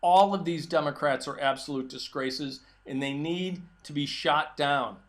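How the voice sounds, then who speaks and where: A man's voice: fairly high pitch, a little slow. A middle-aged man hosting a political commentary show, delivering an emphatic, combative opinion monologue.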